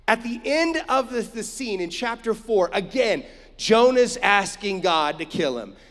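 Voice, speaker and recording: A man's voice: sits high, animated, measured pace, a bit bright, big-room sound. A man preaching a sermon, emphatic, with frequent rhetorical asides to his listeners. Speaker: pastor.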